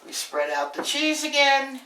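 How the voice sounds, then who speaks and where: Speaking slowly but with great animation, this home cook host has a high-pitched, bright, forceful voice and a Brooklyn New York accent. She narrates her cooking demonstration in a brash, chatty storytelling style. The echoey home kitchen is captured by a camera mic from across the room, with a slight hiss or hum.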